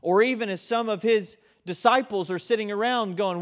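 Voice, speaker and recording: A man with a high voice delivers an impassioned sermon. He drives his points home with force, then drops low and quiet to press them in. He sounds middle-aged. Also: moderate pace. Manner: impassioned preaching, swings between loud emphasis and quiet intensity. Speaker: pastor.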